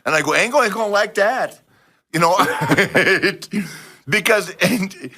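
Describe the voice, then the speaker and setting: A man in his fifties or older hosting a podcast, telling wrestling stories in a lively voice, acting out dialogue and laughing often. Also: high-pitched, takes it slowly. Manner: animated storyteller, acts out dialogue, laughs often. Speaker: podcast host. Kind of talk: casual storytelling chat.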